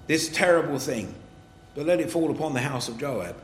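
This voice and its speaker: Preaching to his congregation, a man reads scripture in King James wording and explains it earnestly, rising to emphatic passages. His voice sits on the high side and is expressive, at a moderate pace, with reverberant sound.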